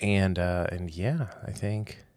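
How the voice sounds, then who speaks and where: A man's voice: low voice, takes it slowly, a little mellow, no echo, studio quality. A man hosting a podcast in casual chat, rambling and joking with frequent restarts. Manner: joking, rambling, self-interrupting. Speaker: podcast host.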